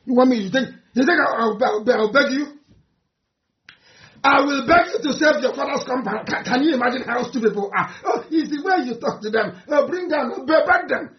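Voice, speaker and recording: Nigerian man, high voice, impassioned activist speech, heckling tone, roomy muffled take. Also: a little fast. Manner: fiery, mocking, swings from shouting to low muttering. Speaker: activist leader addressing supporters. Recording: roomy, dull lo-fi recording.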